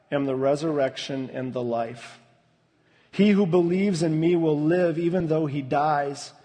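A man preaching a sermon in an unhurried, deliberate way, his fairly high voice dropping to a hush at tender moments. The sound carries the long reverb of a large hall, as if recorded in a church. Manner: slow, measured preaching with soft, hushed dips. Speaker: pastor.

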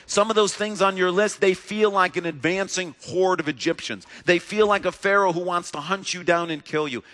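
A man's voice: high-pitched, fairly even intonation, fairly quick, hardly any pauses, fairly bright tone. A male pastor delivering a sermon in a church sanctuary, earnest, with a repetitive preaching cadence. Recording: long reverb of a large hall.

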